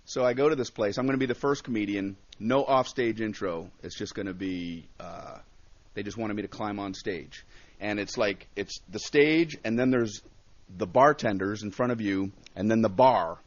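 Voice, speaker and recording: A man's voice: on the low side, normal speed. A male comedian telling stories from his early career in a radio studio interview, acting out his own reactions and other people's voices. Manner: animated storyteller, acts out voices and reactions. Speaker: comedian guest. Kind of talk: storytelling interview. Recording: dull satellite radio broadcast.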